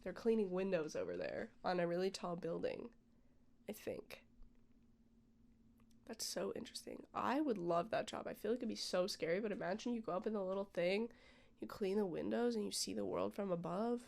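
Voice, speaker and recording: A woman vlogger reviews a film in casual, opinionated chat, filling her speech with "like" and "um." Her mid-range voice is gravelly and darkish, and she talks fairly quickly.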